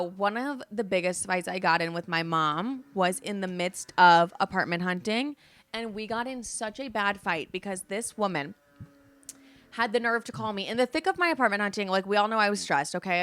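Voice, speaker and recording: Bright-voiced, profane young woman. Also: mid-range voice, no echo. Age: 20s. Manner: candid, profane, animated retelling. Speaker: podcast host. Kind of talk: casual storytelling chat.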